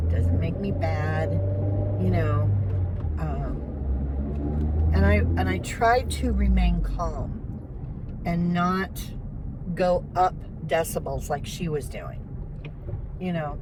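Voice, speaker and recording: An older woman with a low voice talks to her viewers from a car, upset and trying hard not to cry. Heavy road noise rumbles under her words throughout. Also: sing-song, slow pace, long pauses. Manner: upset, recounting an argument, holding back tears. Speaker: vlogger. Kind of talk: emotional personal vlog.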